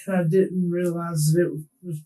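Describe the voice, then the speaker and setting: A distraught, tearful man being interrogated, talking haltingly and restarting his sentences. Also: high voice, flat delivery, dark tone, distant mic, poor audio. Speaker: murder suspect under interrogation. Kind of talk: police interrogation.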